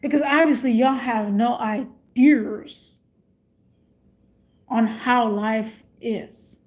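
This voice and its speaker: A woman's voice: a little high, very slow, darkish tone. A woman vlogger rambling in a casual rant, repeating her questions.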